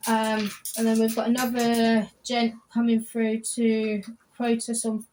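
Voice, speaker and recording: Brief: fifties woman, client in a barbershop chair, rambling chatty talker, slightly high voice, noisy room. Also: completely flat delivery, measured pace, a little mellow. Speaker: salon client. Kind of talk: casual chat.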